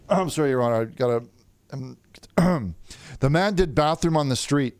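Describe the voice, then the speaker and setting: A man's voice: mid-range voice, expressive, measured pace, a little mellow, dry recording. A man improvising as a plaintiff in a comedic mock trial, stammering and repeating words as he talks. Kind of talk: comedic improvised courtroom role-play.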